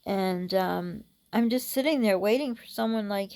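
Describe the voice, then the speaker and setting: Gravelly-voiced woman telling a personal story. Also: medium pitch, darkish tone. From United States. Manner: halting, many restarts and fillers. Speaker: vlogger.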